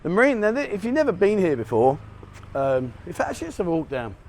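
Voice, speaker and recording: A man's voice: high voice, huge pitch swings, quick pace, a little mellow, slight background noise. Chatty man vlogging on a street. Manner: chatty, joking, chuckles at his own remarks. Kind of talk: walk-and-talk street vlog. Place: outdoors on a city street at dawn.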